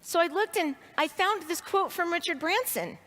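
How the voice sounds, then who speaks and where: Telling a personal story to an audience in a large hall, a leadership training speaker expressively gives voice to her inner thoughts. She is very high-pitched and expressive with a fairly bright tone, keeps a normal speed, and the sound echoes through the hall.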